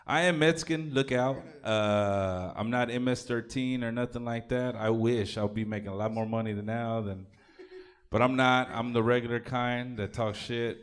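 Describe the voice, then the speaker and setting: Crude stand-up comic from Texas. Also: male voice, medium pitch. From Oak Cliff, Texas. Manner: crude, profane, offhand delivery. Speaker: stand-up comedian. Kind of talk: live stand-up set. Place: comedy club stage.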